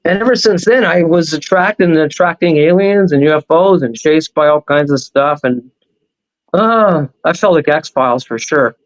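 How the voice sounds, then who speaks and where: A man speaking as a show guest, telling a long personal story in a rambling, animated way. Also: on the high side, normal speed, highs cut off. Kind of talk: casual storytelling on a talk show.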